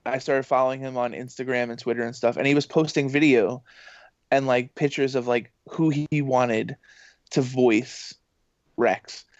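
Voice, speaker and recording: An excitable man chats his way through long, rambling stories as a podcast guest, filling them with fillers and quick acted-out quotes. His pitch sits in the middle of the range. The sound is dry and a little muffled, with no room around it. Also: no echo. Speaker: voice actor and games journalist guest. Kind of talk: casual podcast storytelling.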